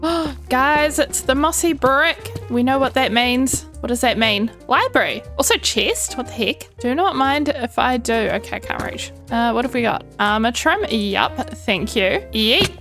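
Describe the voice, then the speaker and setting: A woman's voice: on the high side, lively intonation, a little slow, few pauses, fairly bright tone. A young woman giving bubbly, chatty gameplay commentary, cooing at the animals in her game. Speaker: Minecraft YouTuber. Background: faint background music.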